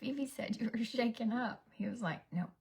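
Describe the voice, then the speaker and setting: A woman's voice: on the high side, normal speed, darkish tone, slightly rough. A woman, chatting through a get-ready-with-me story as a rambling storyteller who drops to a whisper for asides. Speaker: vlogger, mother. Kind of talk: casual get-ready-with-me chat.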